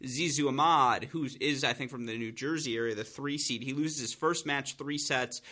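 A man hosting a podcast, chatting casually and telling rambling, excitable stories. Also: medium pitch, moderate pace. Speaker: podcast host.

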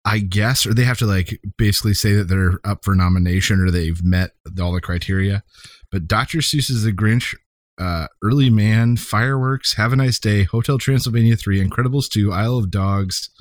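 A man's voice: on the low side, normal speed, no echo, studio quality. A man co-hosting a podcast, presenting a nerdy news segment and reading out lists in an easygoing way. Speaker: podcast co-host. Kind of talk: casual chat, news segment.

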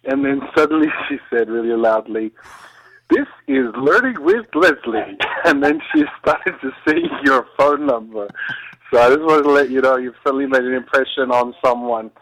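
A man's voice: mid-range voice, fairly even intonation, fairly quick, a bit bright, rough recording. A man from the UK leaving a casual voicemail for a podcast host, amused and laughing as he talks. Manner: amused, laughing through his story.

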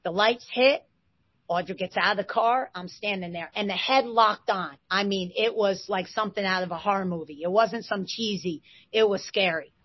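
Woman, 40s, animated storyteller; dry, slightly muffled recording. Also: medium pitch, moderate pace, no echo. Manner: lively, excitable retelling with bursts of loudness. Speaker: interview guest, former basketball player. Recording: dull, slightly lo-fi sound.

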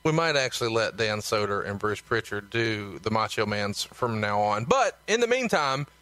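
A man hosting a talk podcast, leading into segments briskly. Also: fairly low pitch, fairly even intonation, pushed and bright, clear, resonant tone, dry recording. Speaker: host.

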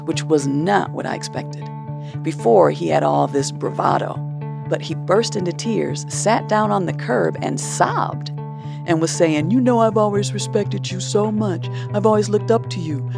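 A woman telling a personal story in a measured, low-key way, acting out the lines other people spoke. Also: creaky, a little mellow, breathy edge, no room sound. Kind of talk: personal story told to listeners.

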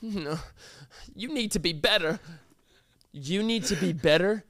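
A woman's voice: lowish voice, a little slow, close to an everyday voice. A man voicing a stern, preachy woman in her nineties who scolds insistently about going back to church. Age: 90s.

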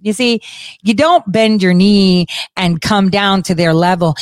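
A woman talking casually about politics at a medium pitch, blunt and sarcastic, with frequent swearing and laughter. Her voice sounds close and dry, with no room echo. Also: measured pace. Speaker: political commentary host. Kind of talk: casual ranting commentary.

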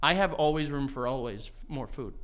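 A young man co-hosting a podcast in casual chat, animated and jokey, laughing often. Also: medium pitch, fairly quick. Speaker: podcast co-host.

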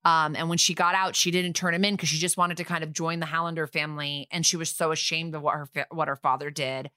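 A woman's voice: low voice, flat delivery, fast talker, sharp tone, dry recording, studio quality. A woman co-hosting a podcast, recapping a TV episode in casual chat and acting out quoted lines in playful voices. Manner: chatty, acts out quoted lines in funny voices. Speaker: podcast co-host.

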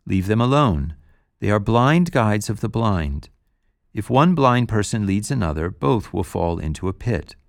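Male reader voicing a stern teaching figure, gravelly, dry booth sound, scripture reading. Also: on the low side, very animated, measured pace, no room sound, exaggerated voice. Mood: solemn. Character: male teacher rebuking and consoling, authoritative.

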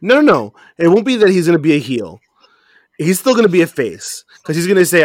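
A man co-hosting a casual wrestling chat, animated and laughing often, breaking into mock voices. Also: on the high side, a little fast, no room sound, clean studio sound. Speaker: podcast co-host.

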